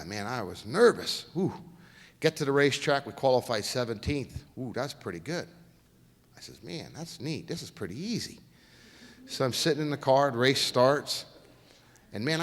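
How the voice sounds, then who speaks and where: A middle-aged man, telling folksy stories as a guest speaker at a lecture. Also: medium pitch. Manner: folksy, lively, acts out quoted voices. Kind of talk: storytelling lecture. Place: lecture hall. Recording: reverberant lecture hall.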